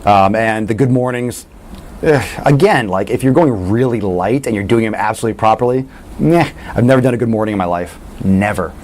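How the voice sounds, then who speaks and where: A man coaching fitness in a casual question-and-answer talk, blunt and animated, swearing freely. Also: on the low side, fairly quick.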